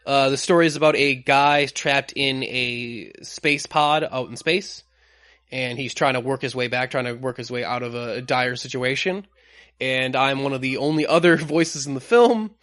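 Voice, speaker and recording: A man co-hosting a podcast in a casual, rambling way, stopping often to search for words. His voice sits at a middle pitch. The recording is dry and close, with no room sound. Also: moderate pace, fairly bright tone, no echo. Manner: rambling, with many uh fillers. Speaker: podcast co-host. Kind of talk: casual chat.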